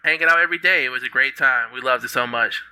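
Bright-voiced young man. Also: medium pitch, fast talker, smooth, poor audio. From United States. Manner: animated, laughing often, acts out quotes. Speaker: guest. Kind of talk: casual storytelling.

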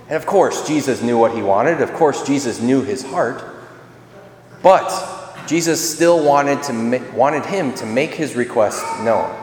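In a church with long, echoing reverb, a priest with a mid-range, somewhat mellow voice preaches a bit slowly but with animation. His sermon is casual and conversational, and he performs the voices of the people in his story.

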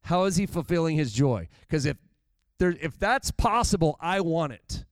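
A man preaching a sermon in a conversational, animated way, with candid asides to the congregation. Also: a little high, normal speed, no echo. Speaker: pastor.

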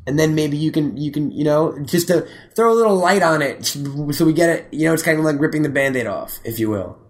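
A man's voice: fairly high pitch, animated, brisk. A man hosting a podcast, chatting casually with a crude, joking, rambling manner. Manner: profane, joking, rambling with restarts. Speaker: podcast host.

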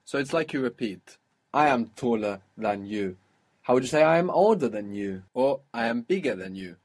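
A man's voice: medium pitch, animated, normal speed. A man teaching a one-on-one lesson, explaining patiently and repeating words for the learner. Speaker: Arabic teacher.

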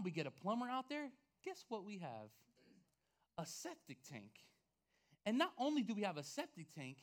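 Animated high-voiced male pastor preaching. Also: normal speed. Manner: animated storytelling, swinging between hushed and loud. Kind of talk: sermon testimony.

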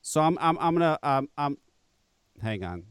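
A man's voice: on the high side, sing-song, normal speed, a little hiss or hum. A man hosting a live podcast, ranting angrily and swearing as he mocks the people he talks about. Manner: angry, mocking, swears, laughs at critics. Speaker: podcast host. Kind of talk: profane ranting live show.

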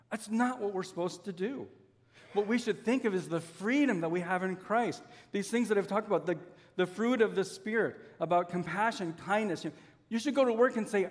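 Male pastor, earnest sermon delivery with slow emphasis, slightly high voice, long hall reverb. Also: animated. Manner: earnest, with slow drawn-out emphasis and homely examples.

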